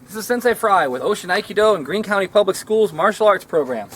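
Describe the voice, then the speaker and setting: A man's voice: high voice, animated, fast talker, fairly bright tone, a little hiss or hum. A man, a martial arts instructor giving a rambling, self-deprecating outdoor lesson. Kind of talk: casual instructional talk.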